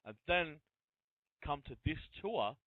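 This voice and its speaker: A man's voice: on the high side, expressive, takes it slowly, no echo. A man from Australia, hosting an interview and earnestly talking through his points. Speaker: host. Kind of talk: casual interview. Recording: tinny phone line.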